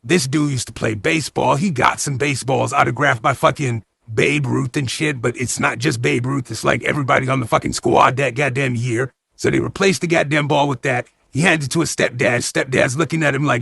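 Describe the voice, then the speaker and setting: A man's voice: medium pitch, steady tone, brisk, creaky, few pauses, fairly bright tone, breathy edge, no room sound, clean studio sound. A man retelling a movie plot as comedy, swearing constantly in loose slang and acting out the characters' lines. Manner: heavy swearing, slangy retelling with acted-out quotes. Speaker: movie recap host. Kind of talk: profane comedic movie recap.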